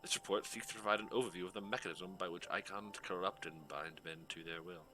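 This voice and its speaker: A report-reading machine, put on by a man, flat and measured, with a bright, hard edge to its low voice. It recites steadily, as if reading out data. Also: far from the mic, soft background music. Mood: reciting.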